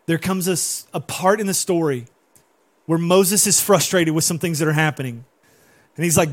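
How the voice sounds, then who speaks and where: A man preaching with lively, animated energy, his voice sitting a little higher than most men's. He keeps turning questions back to his congregation as he teaches. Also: normal speed. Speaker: pastor. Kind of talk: sermon.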